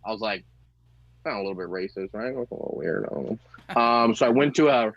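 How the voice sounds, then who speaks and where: A man's voice: fairly low pitch, fast, dry recording, dull audio. A man in his thirties doing a rambling, self-mocking stand-up set over a video call, laughing at his own jokes. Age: 30s. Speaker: stand-up comic.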